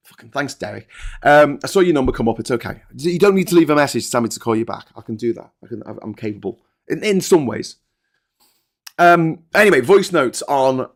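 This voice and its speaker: A man's voice: on the high side, fairly bright tone. A man, hosting a casual live-stream chat, ranting and joking with lots of swearing. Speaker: host.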